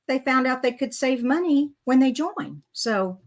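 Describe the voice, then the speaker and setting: A woman's voice: high-pitched, lively intonation, measured pace, slight background noise. A woman, chatting casually as she demonstrates a card-making project live, talking through her slips with good humor. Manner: chatty and self-deprecating, talking through mistakes. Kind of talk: live crafting tutorial chat.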